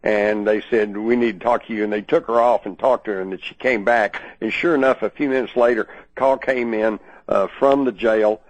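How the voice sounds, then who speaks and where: A man's voice: fairly low pitch, fairly even intonation, normal speed, hardly any pauses, no room sound, low-quality recording. A man talking as a guest on a talk radio show, rambling with many fillers and restarts. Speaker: guest researcher.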